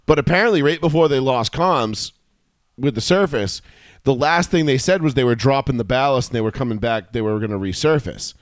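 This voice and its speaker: A man's voice: mid-range voice, lively intonation, brisk, no room sound, studio quality. A man co-hosting a casual podcast, rambling and swearing with many fillers and restarts. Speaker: podcast co-host. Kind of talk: casual chat.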